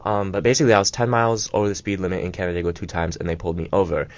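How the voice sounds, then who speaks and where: Young guy rambling thru a story on college radio, low-ish voice, kinda muffled lo-fi sound. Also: flat delivery, no echo. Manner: rambling, filler-heavy, quick asides. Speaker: radio co-host. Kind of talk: casual storytelling chat. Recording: dull lo-fi college radio mic.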